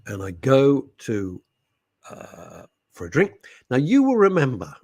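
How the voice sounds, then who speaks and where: Animated, husky-voiced man hosting radio. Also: mid-range voice, slow pace, no echo. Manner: animated, rambling, puts on quoted voices. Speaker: radio host. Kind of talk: casual radio chat.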